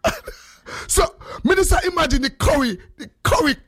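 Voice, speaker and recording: A Jamaican man hosting a casual chat, his voice sitting high and swooping widely as he spins animated stories in patois. The sound is dry and close, with no room around it. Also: normal speed, dry recording. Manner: animated storyteller, mixes in patois.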